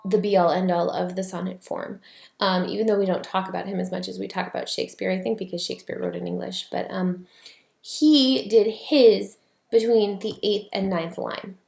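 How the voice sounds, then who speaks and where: A woman teaching an online class, explaining at an easy pace with plenty of fillers along the way. Her mid-range voice has a gravelly edge. The sound bounces around an echoey room. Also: medium pitch, fairly even intonation, normal speed, darkish tone. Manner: casual, explanatory, many fillers.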